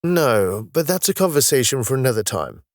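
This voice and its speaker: A man voicing a calm, knowledgeable male space officer from the far future who patiently explains his world with a wry touch. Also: medium pitch, moderate pace, no room sound, clean studio sound, voice pushed up. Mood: explaining.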